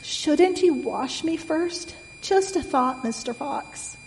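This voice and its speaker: A woman's voice: high-pitched, lively intonation, slow, a little mellow, voice pushed up, heavily acted. A woman voicing a small, clever male piglet who pleads sweetly and politely, recorded in an echoey room with a faint hum. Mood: coaxing.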